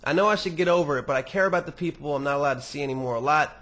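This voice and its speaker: A man's voice: fairly high pitch, rapid-fire, fairly bright tone. A young man hosting a podcast, reading listener emails aloud and answering them in a rambling, profane, casual monologue with many restarts.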